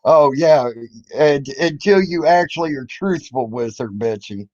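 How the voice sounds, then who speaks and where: A man's voice: a little high, measured pace, darkish tone, no room sound. A man on YouTube ranting at other people, confrontational and mocking, swearing freely. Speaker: YouTube commentator. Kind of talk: angry profane rant. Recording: dull lo-fi recording.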